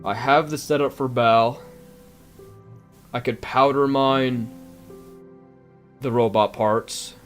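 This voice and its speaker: A man's voice: mid-range voice, slow, long pauses, soft background music. A man doing live gameplay commentary, grumbling and talking to his chat. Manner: animated, grumbling, talks to chat. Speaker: game streamer.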